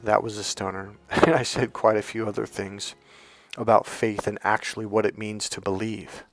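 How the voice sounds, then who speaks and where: A man, a dating coach, telling a personal story in a casual monologue, animated, swearing now and then, and acting out the lines of people in it. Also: fairly low pitch, normal speed, faint music behind. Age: young adult. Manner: animated, swears and acts out quotes.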